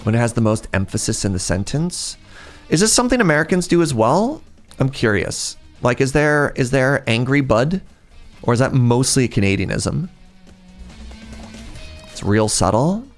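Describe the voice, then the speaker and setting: A man chatting through a live game stream, his voice swinging widely up and down as he reacts. He talks casually and excitably to his viewers, with faint music playing behind him. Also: medium pitch, normal speed.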